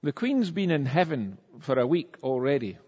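A man's voice: medium pitch, normal speed, breathy edge. Man preaching in a reverberant hall. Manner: conversational, animated storytelling with acted-out quotes. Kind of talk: sermon. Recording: dull sound with long reverb in a church hall.

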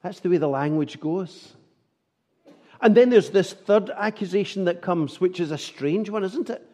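A man's voice: sits high, moderate pace, darkish tone. A man preaching a sermon, earnest and full of rhetorical tag questions.

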